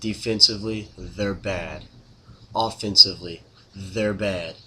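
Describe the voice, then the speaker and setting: A man's voice: deep voice, fairly even intonation, a little slow, pushed and bright, slight background noise. A man ranting casually to camera as a sports fan, exasperated, repetitive and blunt.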